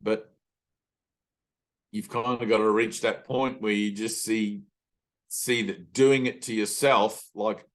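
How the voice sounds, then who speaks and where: A man's voice: fairly low pitch, fairly even intonation, slow pace, long pauses. A man who is a spiritual teacher, giving a casual talk, telling loose stories with plenty of fillers and acting out the voices he quotes. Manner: loose storytelling, full of fillers.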